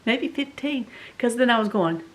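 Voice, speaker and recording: A woman's voice: fairly high pitch, moderate pace. Southern woman telling a story with flair. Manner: animated, dramatic storytelling with many fillers. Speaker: vlog host. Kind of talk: casual storytelling.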